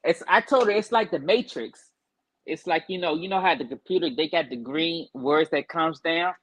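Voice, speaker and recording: A man in his forties calling in to a casual chat, telling rambling stories in a relaxed, loose way. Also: a little high, normal speed. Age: 40s. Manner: laid-back storyteller, loose and rambling. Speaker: caller.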